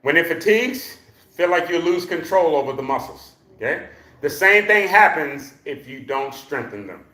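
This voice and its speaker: A man leading a live exercise class for seniors, counting reps loudly, joking and coaxing the class along. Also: a little high, lively intonation, moderate pace. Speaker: senior fitness instructor. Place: exercise room. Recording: echoey room.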